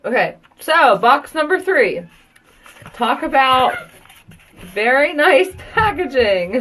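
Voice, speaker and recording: A woman's voice: sits high, big pitch swings, slow pace, fairly bright tone, a little hiss or hum. A woman and mother chatting casually at home in a live beauty product review, rambling and gushing. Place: at home, children heard downstairs.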